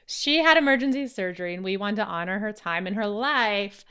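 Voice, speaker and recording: A woman's voice: mid-range voice, animated, brisk, bright, forceful tone, clean tone. A woman hosting a podcast in casual chat, playful and teasing. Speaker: podcast host.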